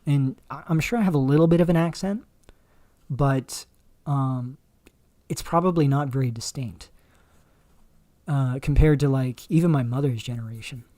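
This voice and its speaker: A man hosting a livestream, talking in a rambling, halting way with many fillers and restarts. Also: medium pitch, warm tone, dry recording. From Canada. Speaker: livestream host. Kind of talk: casual livestream commentary.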